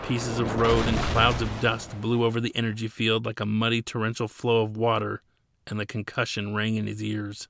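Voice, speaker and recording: Gravelly, bright male audiobook narrator. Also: on the low side, dry recording, studio quality. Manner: dramatic storytelling. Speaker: narrator and author.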